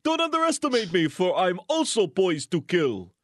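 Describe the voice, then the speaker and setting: A man's voice: sits high, big pitch swings, normal speed, no room sound, clean studio sound. A man voicing a boastful, blustering Soviet figure in a mock Russian accent for a comedic dramatic reading. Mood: menacing, smug. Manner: theatrical mock-menacing reading.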